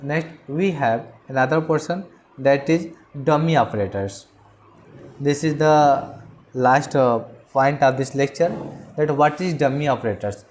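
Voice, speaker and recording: A grammar teacher giving a lecture, halting with many fillers and restarts, and repeating example sentences slowly word by word. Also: mid-range voice, darkish tone, a little hiss or hum.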